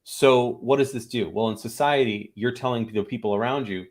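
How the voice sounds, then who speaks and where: A man in a casual interview, teaching improv through stories. He slips into quick character voices and lets his pitch swing up and down as he explains. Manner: animated, acts out little voices in his stories.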